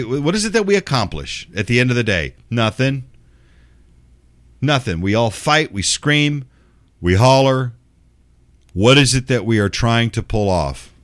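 A man's voice: medium pitch, fairly bright tone, no room sound. A middle-aged man hosting a show, delivering a profane, sarcastic, exasperated ranting monologue. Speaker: show host.

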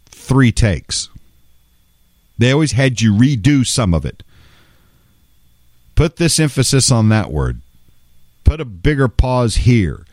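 A man's voice: on the low side, darkish tone, no room sound, clean studio sound. A male voice-over artist telling a casual story in a wry, conversational way, with some salty language.

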